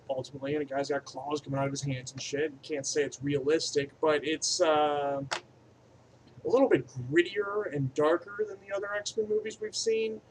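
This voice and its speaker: A man's voice: a little high, a little hiss or hum, low-quality recording. A man giving an off-the-cuff movie review, profane and rambling, swinging between enthusiastic bursts and mumbled asides. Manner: crude and profane, rambling aside-heavy delivery.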